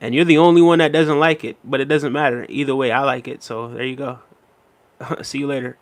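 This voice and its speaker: A man hosting a live stream, reading viewer comments aloud and answering in a relaxed, chatty way with lots of "um" and "you know what I mean". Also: mid-range voice, fairly quick. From Jamaica.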